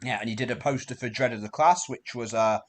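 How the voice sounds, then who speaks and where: A man hosts an unscripted podcast chat at a middle pitch. He talks in a halting way, restarting his sentences and padding them with fillers. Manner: hesitant, many fillers and restarts. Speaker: podcast host.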